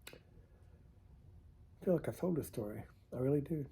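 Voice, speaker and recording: In a casual vlog, a man with a warm, husky, medium-pitched voice rambles animatedly, and a little slowly, through funny stories, laughing at himself. He's recorded on a camera mic on a tilting setup.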